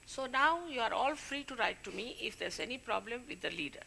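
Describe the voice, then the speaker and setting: A woman's voice: fairly high pitch, expressive, brisk, vocal fry, pushed and bright, slight background noise. A woman, a spiritual leader, giving an informal talk to her followers, warning and scolding them in a conversational way.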